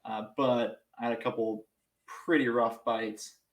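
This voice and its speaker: Young male podcast guest, casual storyteller, self-mocking, laughs often, middle pitch. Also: measured pace, reverberant, poor audio. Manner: animated, self-mocking, laughs through stories.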